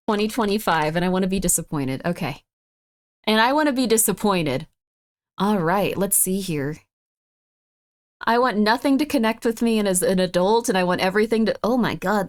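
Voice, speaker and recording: A woman streaming live, chatting casually and rambling, reacting to chat with sudden high squeals and wide swings in pitch.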